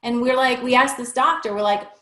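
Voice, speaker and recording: A woman's voice: a little high, fairly quick. A woman in her fifties, an interview guest telling a personal story in conversation and acting out the dialogue. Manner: animated, acts out quoted dialogue. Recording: roomy echo.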